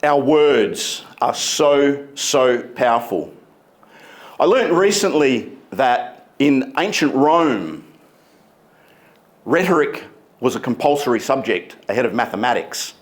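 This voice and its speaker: A man giving a motivational keynote speech on a conference stage, emphatic and deliberate, stretching key words. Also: mid-range voice, expressive. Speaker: keynote speaker.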